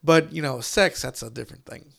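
A man with a fairly high, gravelly voice talks loosely about films, swearing freely and restarting his sentences. He chats in a relaxed, casual way. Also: brisk. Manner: loose, profane, rambling with restarts. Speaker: podcast co-host, parent. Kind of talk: casual movie chat.

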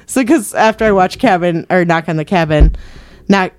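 A woman's voice: on the low side, normal speed, no room sound, studio quality. A young woman co-hosting a casual movie review podcast, talking animatedly and saying like a lot. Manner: animated, says like a lot, laughs often. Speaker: podcast co-host.

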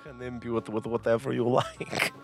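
A man's voice: mid-range voice, little pitch movement, moderate pace, gravelly, faint music behind. A man talking casually as the game master of a tabletop game, laughing often and rambling.

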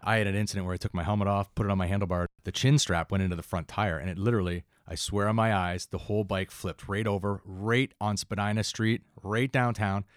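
A man in his thirties from Canada, a firefighter telling relaxed, rambling stories in a casual interview. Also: lowish voice, quick pace, few pauses, no room sound, studio quality. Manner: relaxed, rambling anecdotes with many asides. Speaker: firefighter and instructor, guest.

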